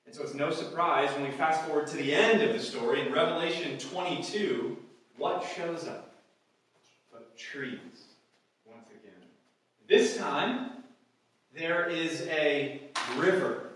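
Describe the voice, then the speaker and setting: A male pastor preaching a sermon with emphasis, often swelling louder on key phrases. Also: fairly high pitch, takes it slowly. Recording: echoey hall, voice from far off.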